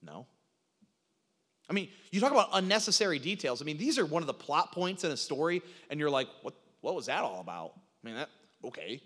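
A man preaching a sermon, animated, acting out quoted lines, with frequent restarts. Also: fairly high pitch, a little fast. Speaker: pastor. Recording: reverberant hall sound.

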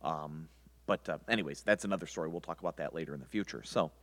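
A man's voice: rumbling low, quick pace, a bit bright. A man teaching a Bible passage verse by verse in a rambling, conversational way with many restarts.

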